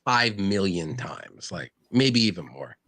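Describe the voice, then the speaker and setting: A man's voice: sits low, very animated, takes it slowly, a bit bright. A man hosting a casual live stream, reading chat comments aloud in a playful, giggly way. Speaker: stream host.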